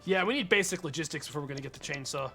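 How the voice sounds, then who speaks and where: A young man streaming a game live, talking to his chat, excitable and swearing often. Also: fairly high pitch, rapid-fire, soft background music.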